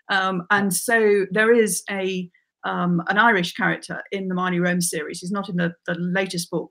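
An eager woman in her forties talks through her work with a mid-range voice and an excited, storytelling manner. She fills her speech with small fillers and picks up when something delights her. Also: medium pitch. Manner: enthusiastic, lively storyteller. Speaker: crime writer guest. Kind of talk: casual chat.

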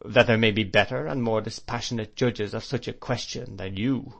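A man's voice: lowish voice, fairly even intonation, normal speed, vocal fry. Man reading as stern domineering stepfather, grave, commanding, storybook.

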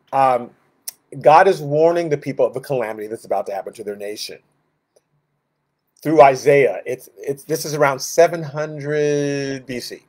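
A man leading a Bible study in a loose, conversational teaching style, animated, often restarting sentences and asking rhetorical questions. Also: mid-range voice.

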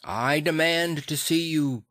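A man's voice: mid-range voice, lively intonation, measured pace, no echo, studio quality. A man voicing a stern middle-aged lawyer demanding entry at a locked door. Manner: stern, forceful.

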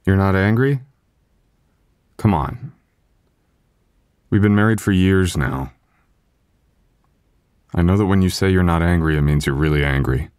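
Low-voiced anxious husband guy played by a man, stammers a lot, soothing, asmr boyfriend roleplay, dry close mic. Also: expressive, unhurried, long pauses, darkish tone, clean tone, no room sound. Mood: worried. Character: loving young husband, anxious and apologetic. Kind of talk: ASMR boyfriend role-play.

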